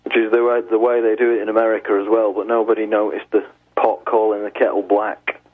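Husky guest on a phone line. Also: male voice, fairly low pitch, little pitch movement, fairly quick. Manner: earnest, explaining, restarting phrases. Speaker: guest, journalist. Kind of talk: talk radio interview by phone.

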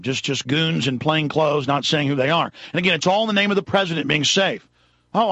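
Fiery radio host, husky and gravelly, rants hard, close dry mic. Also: male voice, a little high, a bit bright, no room sound. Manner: fiery, ranting, addresses listeners directly. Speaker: radio talk show host. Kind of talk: impassioned talk radio monologue.

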